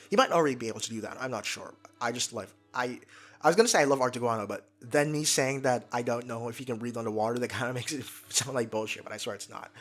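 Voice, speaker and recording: Young man, casual fan commentary, excited, stumbling over words, soft music underneath. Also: mid-range voice. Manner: energetic, fast, stumbles and restarts when excited. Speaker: YouTube commentator.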